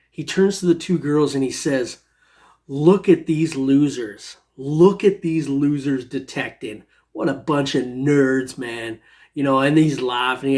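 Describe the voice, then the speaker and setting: Rambling man telling a story. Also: a little high. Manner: rambling, with many restarts and "eh" tags. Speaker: metal detecting storyteller. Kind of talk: casual storytelling monologue.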